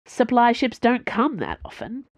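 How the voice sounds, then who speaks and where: A woman voicing a sharp-tongued young female tech tinkerer who talks in a brisk, curt way. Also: fairly high pitch, wildly swooping pitch, creaky, no room sound, pitched above the performer's own voice, heavily acted.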